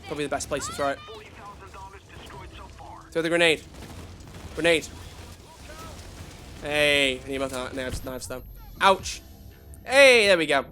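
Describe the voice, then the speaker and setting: A man's voice: a little high, animated, unhurried, long pauses. A man streaming a video game, chatting casually with his viewers and poking fun at himself. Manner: chatty, self-deprecating, talks to chat. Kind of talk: casual livestream chat. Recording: faint music behind.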